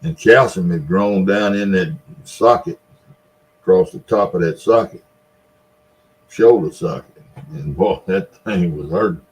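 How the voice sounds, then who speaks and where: A vlogger from the Mississippi Delta, a man in his seventies, unhurriedly tells a long, casual story with a Delta Southern accent. His voice sits low, he pauses often, and he laughs in a folksy way between lines.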